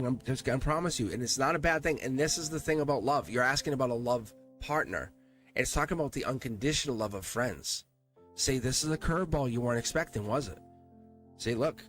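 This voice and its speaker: A man's voice: medium pitch, lively intonation, fairly quick, a bit bright, faint music behind. A man hosting a live-streamed tarot reading, speaking earnestly and emphatically and repeating himself for emphasis. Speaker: tarot reader.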